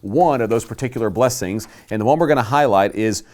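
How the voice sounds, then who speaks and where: A man teaching a Bible class to a live group, emphatic and slowing down to stress key words. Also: mid-range voice, a little mellow.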